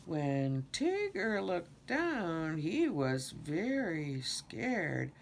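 An older woman reads a children's picture book aloud at an unhurried pace. Her pitch swings widely as she tells the story. Faint background noise sits under her voice. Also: vocal fry. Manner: slow, expressive reading with many character voices. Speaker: storybook reader.

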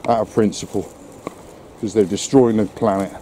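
Low-voiced man, breathless on a windy coast. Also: steady tone, normal speed. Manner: plain-spoken, talks to his dog. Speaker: vlogger walking his dog. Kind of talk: casual walking vlog. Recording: wind noise on the mic outdoors.

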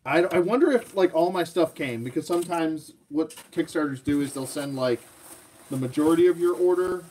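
An eager young man talks his way through a live toy unboxing, voice pitched a touch high. He chuckles between thoughts and jumps from one exclamation to the next, with a faint hiss of noise underneath. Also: fairly quick. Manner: excitable, laughs often, rambling with fillers. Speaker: toy collector streaming live. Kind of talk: casual live unboxing chat.

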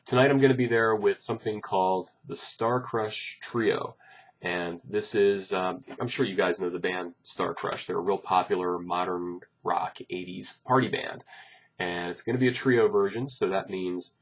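A bassist talks casually to his fans in a low, slightly husky voice, rambling through his plans with jokes and plenty of ums. The recording is dull and lo-fi, with muffled highs. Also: fairly even intonation, moderate pace. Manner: rambling, joking, many fillers. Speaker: bassist announcing gigs. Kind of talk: casual chat to camera.

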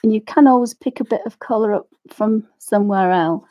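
Speaking a little fast at a medium pitch, a middle-aged woman with a dark-toned voice demonstrates colouring in a craft tutorial, rambling, ranting in asides, and frequently saying sorry for her tangents. The sound is lo-fi.

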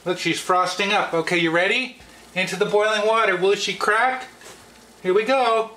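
A man's voice: high voice, fairly even intonation, moderate pace, pushed and bright. A man hosting a home cookware test vlog, who talks playfully to the pan as if it were a person. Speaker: channel host.

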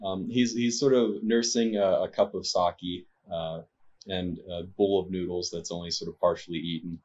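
A man's voice: deep voice, steady tone, normal speed, darkish tone, highs cut off. A man who narrates as game master in a tabletop game and speaks with a hesitant manner, full of fillers.

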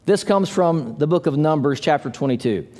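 A man preaching a sermon as pastor, telling stories in an animated, playful way with little voices for the characters. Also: fairly high pitch, moderate pace. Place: church sanctuary. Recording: long hall reverb.

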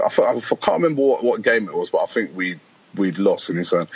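A man's voice: sits low, lively intonation, fast, husky, highs cut off. A man, a podcast guest chatting casually and rambling through stories, quoting people as he goes. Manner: rambling storyteller, quotes people, laughs often. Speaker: podcast guest, fan channel founder. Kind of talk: casual chat.

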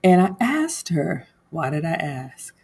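A woman's voice: low voice, very animated, slow, vocal fry, a little mellow, slightly rough. A woman home cook vlogger in casual livestream chat, talking straight to her viewers and laughing often.

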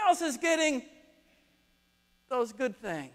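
A man preaching a sermon, telling stories with lively acted-out quotes. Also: sits high, unhurried. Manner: animated storytelling, acts out quotes. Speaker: pastor. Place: church sanctuary. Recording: long reverb of a church hall.

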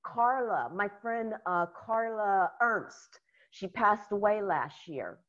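An American woman, a guest in a casual interview, telling stories in an animated way and laughing often. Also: medium pitch, takes it slowly, dull audio. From United States.

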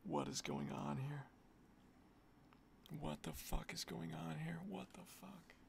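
Exasperated male gambling streamer, gravelly low voice, cursing, slight noise behind. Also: huge pitch swings, slow pace. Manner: swearing, exasperated, muttering. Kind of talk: casual gambling commentary.

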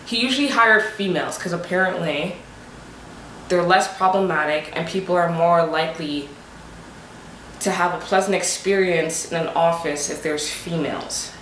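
A young woman telling a storytime vlog, animated and emphatic, firing off rhetorical questions, on a desk microphone at home. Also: lowish voice, moderate pace, a little hiss or hum. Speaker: vlogger. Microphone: desk USB microphone. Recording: roomy echo.

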